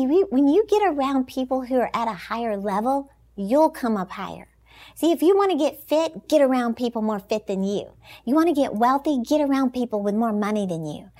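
Woman, high voice, Christian motivational speaker, inspirational talk, emphatic, animated, laughs often.

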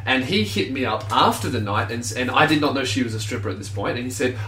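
A man's voice: medium pitch, quick pace, recorded from a distance. A young man co-hosting a podcast, telling stories and acting out what other people said. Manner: animated storyteller, acts out quoted lines. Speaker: podcast co-host. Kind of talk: casual storytelling banter. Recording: roomy sound, off-mic, faint ambience.

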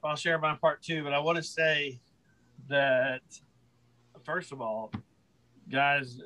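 Bright-voiced Texan podcast host. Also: male voice, mid-range voice, poor audio. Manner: warmly praising, repeating himself. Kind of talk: casual podcast wrap-up.

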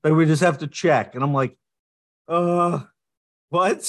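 A man's voice: on the high side, a little slow. A man co-hosting a podcast in casual chat, cracking jokes and laughing along. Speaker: podcast co-host.

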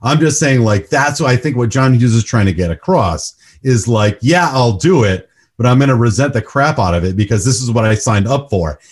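A man hosting a podcast, talking through a film in an emphatic, animated way. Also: medium pitch, a little fast, hardly any pauses, husky. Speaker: podcast host. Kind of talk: casual movie discussion.

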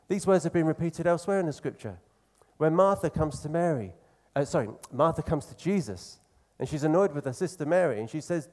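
A man preaching a sermon in an earnest, conversational way, slowing down to stress key phrases. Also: on the high side, lively intonation, a little mellow.

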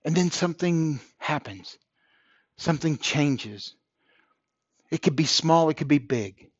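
A man's voice: a little high, expressive, unhurried, no echo, highs cut off. A man hosting a podcast, delivering an earnest motivational monologue and repeating phrases for emphasis. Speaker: podcast host.

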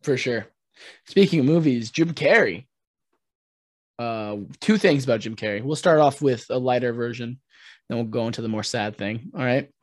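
A man co-hosting a podcast in casual chat, excitable and swearing often, acting out quotes in big voices. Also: medium pitch, normal speed, no echo. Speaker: podcast co-host.

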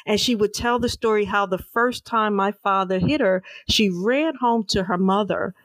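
A middle-aged woman, an author, earnestly recounting her family's past as an interview guest, slow and emphatic with repeated words. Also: medium pitch, dry recording. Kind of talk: personal storytelling in an interview.

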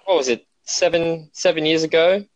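A man with an Australian accent, a podcast guest chatting casually over an internet call, self-deprecating and relaxed. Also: fairly high pitch, moderate pace, no echo.

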